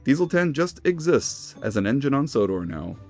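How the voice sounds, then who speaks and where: A man's voice: mid-range voice, sing-song, moderate pace, a little mellow, faint music behind. A man giving scripted, enthusiastic narration for a fan video essay. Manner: enthusiastic, conversational fan commentary.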